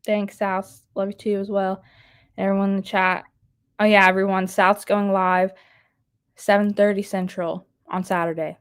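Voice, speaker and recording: A woman's voice: mid-range voice, little pitch movement, moderate pace, clean tone. A woman hosting a casual live stream, chatting and laughing as she reads out viewer comments. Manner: chatty, laughs often while reading comments aloud. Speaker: live streamer reading chat.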